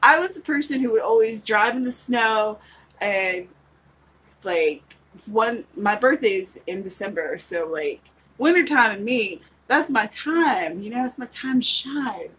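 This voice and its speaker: On a low-quality recording with slight background noise, a West Virginia author in her forties giggles and rambles while casually chatting with livestream viewers as she writes. She speaks at a measured pace in a slightly high, somewhat bright voice with lively intonation.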